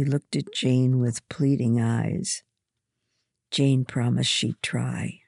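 A woman reading a children's storybook aloud, slow and measured. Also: rumbling low, fairly even intonation, creaky, darkish tone, breathy edge, no room sound, clean studio sound. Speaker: reader. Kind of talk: storybook narration.

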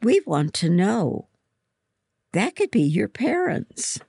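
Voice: mid-range voice, sing-song, slow, gravelly, darkish tone, husky, no echo, voice pushed up, full character voice. A reader voicing a pushy schoolgirl who badgers with questions. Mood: demanding. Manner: demanding, badgering.

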